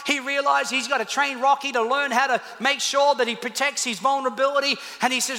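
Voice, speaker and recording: High, bright-voiced preacher in a hall. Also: male voice, fairly even intonation, fairly quick, few pauses. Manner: storytelling, swings from loud to quiet. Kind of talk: sermon. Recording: echoey hall.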